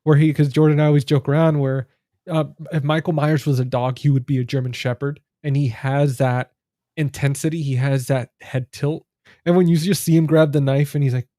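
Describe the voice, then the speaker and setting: A man co-hosting a casual movie chat, relaxed and saying dude and like a lot. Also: fairly high pitch, brisk, no room sound, clean studio sound. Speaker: podcast co-host.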